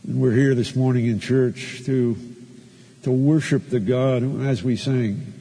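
A man's voice: medium pitch, fairly even intonation, unhurried, mellow, husky, big-room sound. A man preaching a sermon in church, telling a personal story and then leading a closing prayer. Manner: storytelling, acts out his own raised voice in quoted arguments.

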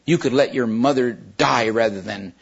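A man's voice: mid-range voice, normal speed, gravelly, slightly rough, highs cut off. A man voicing a sinister female witch who tempts a boy with sweet, coaxing talk. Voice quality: wheedling and coaxing.

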